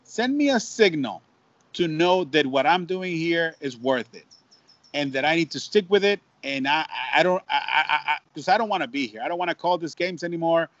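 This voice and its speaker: A man with a notably high voice tells a story in an animated way, repeating words and mixing in Spanish. The sound is dry and somewhat dull. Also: normal speed, no echo. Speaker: baseball broadcaster, guest. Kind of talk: storytelling in an interview. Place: at home.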